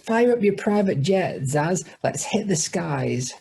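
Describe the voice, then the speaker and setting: Gravelly man, rambling comedy host. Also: sits high, expressive, takes it slowly, darkish tone, slight background noise. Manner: rambling, silly, swears a lot. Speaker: podcast host. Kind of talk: improvised comedy chat.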